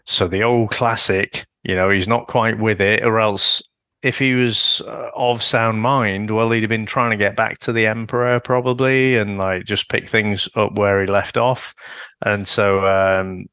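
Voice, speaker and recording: Male co-host, low gravelly voice, rambling and profane, dry sound. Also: fairly even intonation, a little slow, bright, forceful tone, no room sound. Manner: rambling, swears freely, many restarts. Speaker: podcast co-host. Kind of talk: casual chat.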